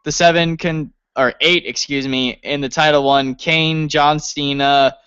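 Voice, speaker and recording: A man's voice: a little high, fairly even intonation, measured pace, a bit bright, smooth, no room sound, highs cut off. A man co-hosting a casual wrestling review podcast, rambling and laughing as he talks. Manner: rambling, laughing often, lots of fillers. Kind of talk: casual chat.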